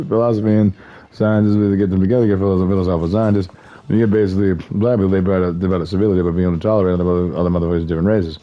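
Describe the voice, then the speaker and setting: A man's voice: deep voice, steady tone, racing, highs cut off. A man streaming a game, rambling loosely, swearing and laughing often. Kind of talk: rambling gameplay commentary.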